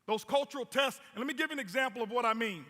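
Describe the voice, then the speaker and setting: A motivational speaker, male, tells stories from the stage, stressing points emphatically and repeating words. His voice is very high-pitched and sharp, and he races along; the hall reverb is long.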